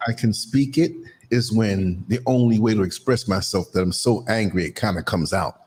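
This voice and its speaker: A man in a casual livestream chat, relaxed and joking, laughing often. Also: moderate pace, slight background noise. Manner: relaxed, laughs a lot, lively swings of pitch.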